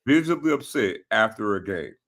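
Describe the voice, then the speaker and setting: A man with a bright, sharp tone co-hosts a casual sports talk show. He breaks in to add context and lays out his points in a measured way. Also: on the low side, animated.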